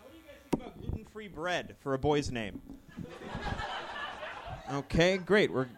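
A man doing a live stand-up set of awkward, deadpan one-liners in a ballroom venue. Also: on the high side, a little hiss or hum. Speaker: stand-up comedian.

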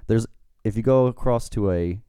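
A man co-hosts a podcast in a loose, joking, rambling way. His voice sits low and mellow, smooth and clear. The sound is dry and close. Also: moderate pace, no echo. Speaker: podcast co-host. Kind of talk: casual chat.

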